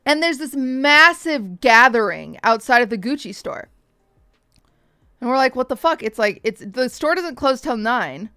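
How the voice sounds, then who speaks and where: A woman streamer telling a story to her chat in a casual, animated way, swearing often and acting out the voices of people she quotes, with hiccups. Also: fairly high pitch, unhurried, clear, resonant tone, no room sound.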